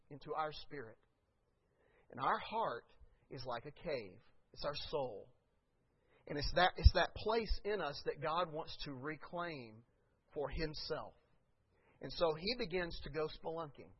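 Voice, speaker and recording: A man preaching a sermon as pastor, swinging from hushed asides to shouted peaks. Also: fairly high pitch, husky. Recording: dull lo-fi recording.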